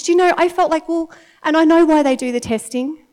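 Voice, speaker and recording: A woman in her thirties with an Australian accent, giving a chatty, animated sermon to a congregation and often laughing. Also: high-pitched, brisk. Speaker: church speaker. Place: church meeting in front of an audience.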